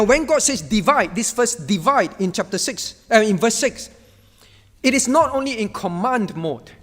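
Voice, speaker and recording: A man's voice: sits high, fairly bright tone, big-room sound. A man preaching a sermon as pastor, emphatic and repetitive, stressing key words and acting out divine commands in a firm voice. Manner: acts out God's words in a firm voice. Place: church.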